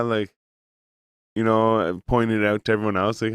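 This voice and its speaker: A man's voice: fairly low pitch, flat delivery, a little fast, clear, resonant tone. A man co-hosting a podcast, telling stories in a rambling, casual way with lots of "like". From Canada. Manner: rambling storyteller, heavy use of "like". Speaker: podcast co-host. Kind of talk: casual chat.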